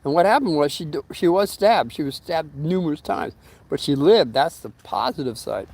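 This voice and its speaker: A man's voice: on the high side, animated, moderate pace, a little mellow, husky, no echo. A middle-aged man telling a long story in a casual vlog at his home, rambling with fillers and restarts, and briefly acting out the voices of the people in it. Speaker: storyteller vlogger.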